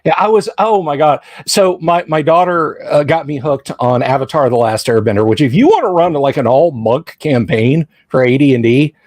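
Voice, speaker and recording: A man's voice: on the high side, animated, moderate pace, few pauses, darkish tone, dry recording, clean studio sound. A middle-aged American man hosting a casual live-stream chat, telling rambling stories full of asides and restarts. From United States. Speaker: podcast host.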